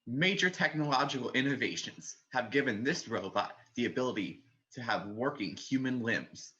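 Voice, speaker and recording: A man's voice: medium pitch, animated, moderate pace, bright, forceful tone. Young man in mock-serious ad voice. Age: young adult. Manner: mock-serious ad announcer delivery. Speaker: narrator of a parody ad. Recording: dull lo-fi audio.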